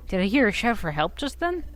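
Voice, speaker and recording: A woman's voice: medium pitch, big pitch swings, moderate pace, dry recording. A young woman streaming a video game, joking and self-mocking as she reads the text aloud. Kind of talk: casual game commentary. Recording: faint game music behind.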